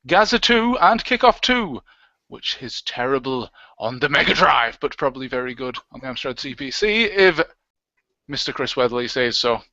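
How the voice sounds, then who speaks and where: A man's voice: mid-range voice, sing-song, normal speed, sharp tone, no room sound. A man co-hosting a casual livestream, joking and reading out comments and tweets. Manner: jokey, reads out comments and tweets. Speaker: livestream co-host. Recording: dull, lo-fi dry sound.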